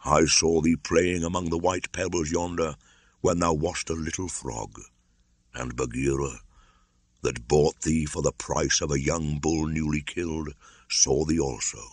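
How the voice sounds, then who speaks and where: A man voicing Baloo, a slow old bear. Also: rumbling low, fairly even intonation, no room sound, heavily acted. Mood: tender. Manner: slow, gentle, fatherly. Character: old half-blind male bear, slow and tender.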